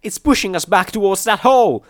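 A man voicing a brash young female unicorn pony scavenger, yelling in panic in a storybook reading. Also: a little high, moderate pace, no room sound, clean studio sound, pitched above the performer's own voice, natural voice. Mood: panicked yelling.

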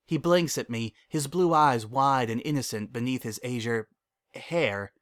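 A man's voice: mid-range voice, normal speed, fairly bright tone. A man narrating a first-person story and acting out its dialogue expressively.

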